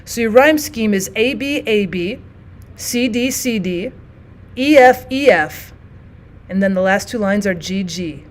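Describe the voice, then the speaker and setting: A woman teaching a lesson on poetry, explaining each form step by step and reading example poems aloud slowly. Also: medium pitch, lively intonation. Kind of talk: classroom lesson.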